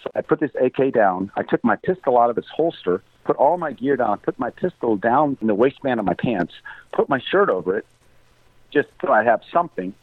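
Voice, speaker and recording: A man's voice: medium pitch, lively intonation, a little fast, breathy edge, no echo. A middle-aged American man telling a story earnestly as an interview guest, devout in his speech. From United States. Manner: earnest, devout, prays aloud. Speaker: guest, humanitarian aid worker. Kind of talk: storytelling in a conversation. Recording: tinny phone-like line.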